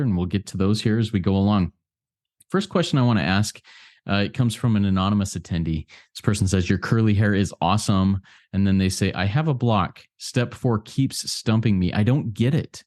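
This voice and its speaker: A man's voice: lowish voice, a little mellow. A man hosting an online recovery meeting over a video call, upbeat and appreciative as he reads out audience questions. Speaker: meeting host.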